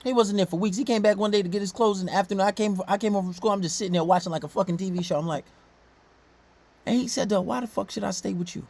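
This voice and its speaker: A man gives casual reaction commentary, blunt and profane, talking very fast and swinging between low mutters and loud outbursts.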